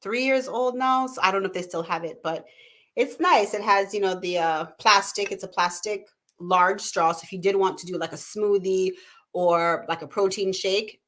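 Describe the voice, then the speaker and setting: A woman's voice: mid-range voice, moderate pace. Chatty woman host reading live comments. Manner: chatty, warm-hearted, reads viewer comments aloud. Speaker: talk show host. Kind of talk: live-stream casual chat.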